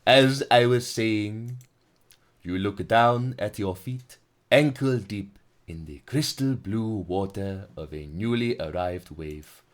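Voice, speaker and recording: A man's voice: lowish voice, slow. A man streaming a game live, reading its narration aloud dramatically between jokey, profane banter with chat.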